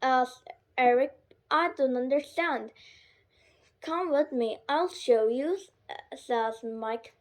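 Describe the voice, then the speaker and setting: High-voiced woman reading haltingly. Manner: halting, self-correcting reading. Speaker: reader. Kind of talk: reading a graded storybook aloud.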